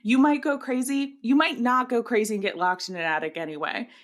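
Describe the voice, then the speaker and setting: A woman's voice: a little high, a little fast. A woman co-hosting a podcast, chatting casually in a playful way and laughing often. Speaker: podcast co-host. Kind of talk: casual chat.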